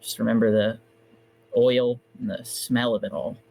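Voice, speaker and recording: A man's voice: mid-range voice, steady tone, moderate pace, creaky, a little mellow, slight background noise, low-quality recording. A man speaking in character during a tabletop role-playing game, reminiscing reflectively. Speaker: player.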